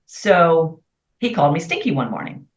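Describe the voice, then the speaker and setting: A middle-aged woman telling stories in a candid interview, chatty and expressive. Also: low voice, moderate pace. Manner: chatty, expressive, quotes herself in lively voices. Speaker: guest. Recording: far from mic in an echoey room, dull sound.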